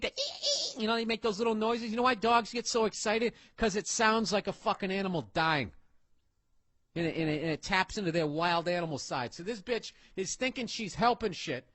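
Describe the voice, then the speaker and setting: On stage, a stand-up comedian with a high voice tells a loud, profane story, swearing and acting out the characters he describes. The recording is dry.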